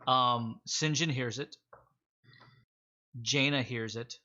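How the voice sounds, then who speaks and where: A man narrating a tabletop game as game master, relaxed and joking. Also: mid-range voice, slow pace. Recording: dull lo-fi audio.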